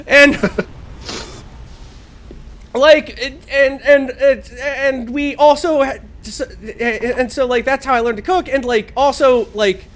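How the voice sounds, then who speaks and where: A man's voice: very high-pitched, measured pace, fairly bright tone, a little hiss or hum. A man from the Midwest telling a rambling, laugh-filled story on a live stream, swearing freely. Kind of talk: casual storytelling chat.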